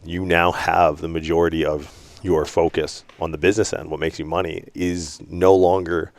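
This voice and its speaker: A man's voice: low voice, flat delivery, moderate pace, no room sound. A man hosting an interview, asking rambling, filler-heavy questions and teasing his guest. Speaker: podcast host.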